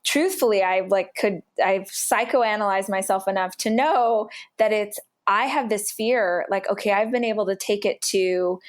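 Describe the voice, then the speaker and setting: Woman, podcast guest, candid storytelling, emphatic, expressive, average pitch. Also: moderate pace, few pauses. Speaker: podcast guest, business founder.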